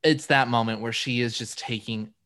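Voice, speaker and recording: A man hosting a podcast, chatting in a relaxed, rambling way and laughing often. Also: mid-range voice, moderate pace. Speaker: podcast host. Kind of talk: casual chat.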